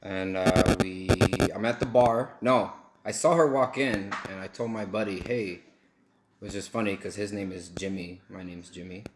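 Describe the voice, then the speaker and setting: A man's voice: deep voice, fairly even intonation, normal speed. A young man from Texas, telling a rambling, joking story while doing a food challenge at home. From El Paso, Texas. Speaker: vlogger. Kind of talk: casual story-time chat. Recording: echoey room, faint noise.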